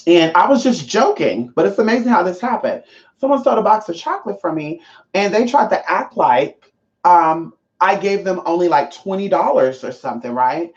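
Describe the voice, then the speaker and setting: A woman vlogger telling stories to her viewers in a casual, profane way, often calling them y'all and jumping up in pitch for emphasis. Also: normal speed. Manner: profane, chatty, keeps addressing viewers as y'all; animated, pitch jumps up for emphasis. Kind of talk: casual storytelling to camera. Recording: slightly dull lo-fi sound.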